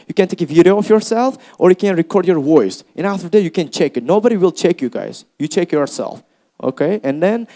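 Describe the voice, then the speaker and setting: A young man with an Uzbek accent teaching a speaking workshop to a class, lively and encouraging, often calling them guys. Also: a little high. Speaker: English teacher. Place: classroom with students.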